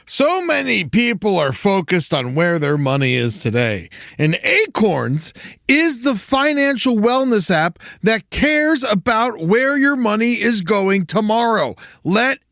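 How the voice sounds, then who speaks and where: A man's voice: sits high, sing-song, a little slow, creaky, fairly bright tone, no room sound, clean studio sound. A man hosting a podcast, reading a sponsor ad in a goofy, riffing way. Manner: goofy, riffing between ad lines. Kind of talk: jokey ad read.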